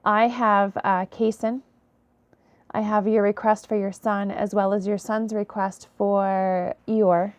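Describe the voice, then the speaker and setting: A tired, yawning woman speaks in a slow, unhurried way at a middle pitch. She is soft-spoken and apologetic as she gives a late-night intuitive reading to her viewers. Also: flat delivery, dry recording. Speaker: intuitive reader.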